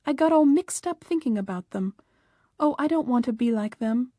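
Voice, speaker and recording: A woman's voice: on the high side, lively intonation, dark tone, dry recording, studio quality. A woman reading a fretful young bride. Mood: anxious. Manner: fretful, hurt, quick to take offense. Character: young newlywed bride, touchy and anxious.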